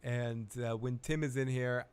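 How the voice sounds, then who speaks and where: A man's voice: medium pitch, steady tone, measured pace, darkish tone, smooth. A man hosting a live television recap, retelling scenes in a crude, joking, rambling way. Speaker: host of a live TV recap show. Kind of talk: casual live recap commentary.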